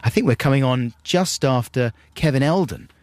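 A man's voice: medium pitch, expressive, moderate pace, a little mellow. A man co-hosting a radio show at a festival, chatting playfully and now and then slipping into silly voices. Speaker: radio host. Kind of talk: casual radio chat. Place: outdoor festival broadcast.

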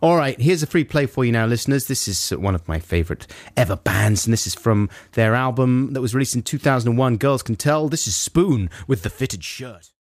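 A man's voice: medium pitch, animated, brisk, hardly any pauses. A man co-hosting a radio show in casual, playful, teasing banter. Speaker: radio co-host. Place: radio studio.

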